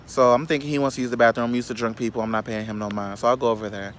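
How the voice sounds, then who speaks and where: Slight background noise sits behind this medium-pitched man, a vlogger from Chicago's South Side. His storytime rant is casual and sassy, full of profanity, animated energy and fast asides aimed at viewers.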